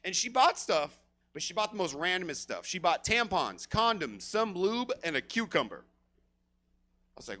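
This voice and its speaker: A man doing a profane, energetic stand-up set on a comedy theater stage and hyping the crowd as emcee. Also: high voice, moderate pace. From Stockton, California.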